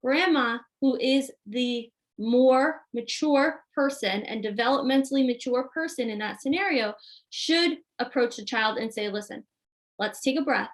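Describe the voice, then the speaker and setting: A woman's voice: high-pitched, a little slow. A woman hosting a live Q&A as a parenting coach, reading viewer questions aloud and acting out example dialogue.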